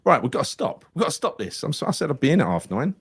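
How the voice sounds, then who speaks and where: A man's voice: medium pitch, very animated, rapid-fire, creaky, husky, dry recording. A man, co-hosting a live football podcast, telling stories with lots of swearing and laughter. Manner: swearing, storytelling, laughs a lot. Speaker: podcast co-host.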